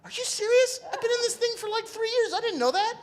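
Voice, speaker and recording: A man putting on the voice of an excited young male paramedic, gushing and startled. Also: very high voice, fast, voice pushed up. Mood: amazed.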